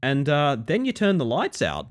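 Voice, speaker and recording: A man streaming live and chatting casually with his viewers, animated, often breaking into high squeals and laughter. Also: moderate pace. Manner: chatty, thanks viewers warmly.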